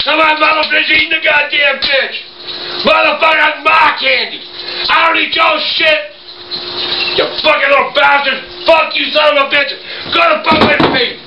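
Furious cursing old man, high voice. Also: little pitch movement, moderate pace, gravelly. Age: older. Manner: cursing nonstop, yelling in fits of rage. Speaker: family member being filmed. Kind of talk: casual home video. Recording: roomy, noisy home video.

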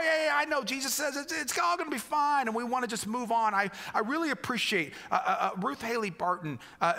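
A man from the United States preaching a sermon as a pastor, reflective and restarting phrases, turning animated when he quotes other people. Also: high voice, long reverb tail.

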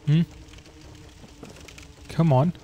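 A man's voice: drawn-out words, warm tone, slight background noise. A young man commenting on his own video game playthrough, swearing and venting frustration at the game. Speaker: gaming streamer. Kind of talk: let's play commentary.

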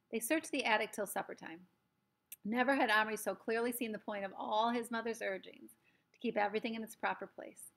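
Woman storyteller reading a children's novel, gravelly timbre, friendly asides to kids. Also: fairly high pitch, fairly even intonation, a little fast, fairly bright tone. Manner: chatty asides to young listeners.

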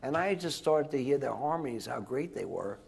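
An older man with a rough, gravelly edge to his voice tells stories to a live audience of students. He talks in a chatty, digressive way, restarting his sentences and chuckling along as he goes. His pitch sits in an ordinary middle range for a man. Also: expressive, moderate pace, darkish tone. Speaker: guest speaker. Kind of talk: rambling anecdotal storytelling to students.

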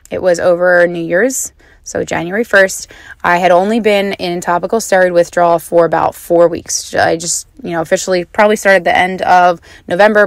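A woman's voice: lowish voice, no echo. A woman hosting a podcast, talking to listeners in a chatty, earnest and encouraging way. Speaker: podcast host. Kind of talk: podcast monologue.

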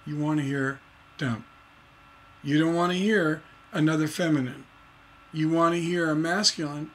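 Man teaching songwriting, slightly high voice. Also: steady tone, normal speed, pauses often, fairly bright tone, slight background noise. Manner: explains with many fillers and restarts, sings out rhythms in nonsense syllables. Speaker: songwriting instructor. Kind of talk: livestreamed songwriting lesson.

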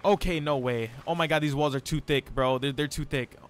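A young man streaming live gameplay, chatting in an excitable, slangy, self-mocking way. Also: on the high side, fairly quick.

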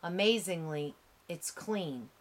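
A woman narrating an audiobook with a measured, dramatic reading. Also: fairly low pitch, lively intonation.

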